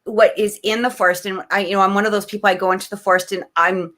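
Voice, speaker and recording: A woman co-hosting a casual podcast chat tells a story with feeling, jumping back and forth in her sentences. She speaks at a middling pitch, hurries through some phrases and slows down on others. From Canada. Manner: animated, emotional, many restarts and fillers. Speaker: podcast co-host.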